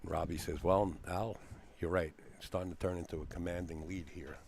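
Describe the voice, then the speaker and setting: A man commentates on a pool match from a booth in a very deep voice. He banters in a folksy, jokey way and laughs easily. Faint noise sits behind him. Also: little pitch movement, a little fast, gravelly, darkish tone.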